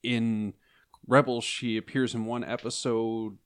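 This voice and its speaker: A man's voice: mid-range voice, level tone, measured pace, smooth. A man co-hosting a fan podcast, explaining details in a knowledgeable but hesitant way. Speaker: podcast co-host. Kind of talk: casual fan chat.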